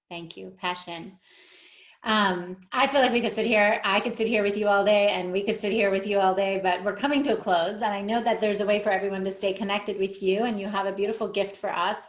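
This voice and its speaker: A woman's voice: medium pitch, rough recording. A woman hosting an interview, effusive and grateful, often thanking her guest. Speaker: interview host. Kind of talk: casual interview talk.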